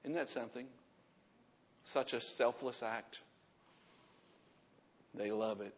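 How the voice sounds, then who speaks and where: Older guy in his 60s preaching, hammers words over and over, raspy voice, kinda muffled. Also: slow pace. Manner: emphatic, repeats key words, drops to a soft low voice for stress. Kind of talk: sermon. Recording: muffled sound with long hall reverb.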